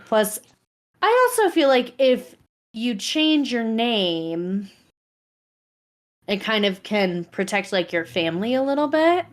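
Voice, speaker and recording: A woman co-hosting a podcast who tells the story in casual chat, explaining her research in a measured way. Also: fairly high pitch, big pitch swings. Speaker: podcast co-host presenting the story.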